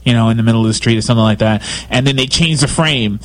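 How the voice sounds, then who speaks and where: Opinionated New man, casual co-host chat, lively asides, close dry sound. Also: mid-range voice, dry recording. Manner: animated, opinionated, quick asides.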